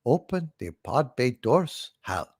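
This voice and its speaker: A stern male astronaut, played by a man, barks short orders at his ship's computer. His voice is gravelly and husky, and the sound is dry. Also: medium pitch, very animated, slow pace, a little mellow, no room sound, exaggerated voice. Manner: curt, demanding. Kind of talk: comedy sketch.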